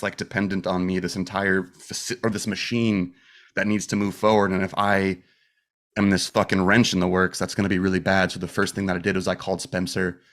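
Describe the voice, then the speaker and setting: Man guest, lowish voice, emotional storyteller, swears a lot, acts out quotes. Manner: emotional, profane, animated retelling with acted quotes. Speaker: podcast guest, musician. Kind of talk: candid storytelling in casual chat.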